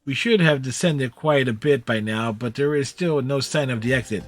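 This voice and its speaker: A man with a mid-pitched voice reads a game's story text aloud in the first person. He keeps a steady pace and trips over a word now and then before correcting himself. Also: normal speed, no echo. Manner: steady reading with small slips and restarts. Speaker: streamer reading a game story aloud.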